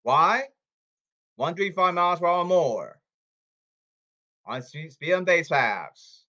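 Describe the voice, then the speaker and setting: A man with a somewhat high voice rants on his podcast. He scolds his listeners and repeats himself in an agitated way. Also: lively intonation, slow pace, bright, forceful tone, dull audio. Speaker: podcast host. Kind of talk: ranting podcast monologue.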